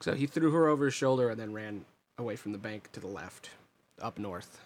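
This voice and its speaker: A man running a tabletop game as game master, describing scenes in a relaxed, rambling way. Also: on the low side, a little fast.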